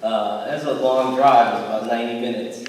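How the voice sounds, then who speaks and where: A man's voice: medium pitch, fast talker, slight background noise. Man reminiscing in an echoing hall. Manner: reminiscing, relaxed, with fillers. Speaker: eulogy speaker. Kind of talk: memorial tribute storytelling. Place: large opera house hall. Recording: echoey hall from far off.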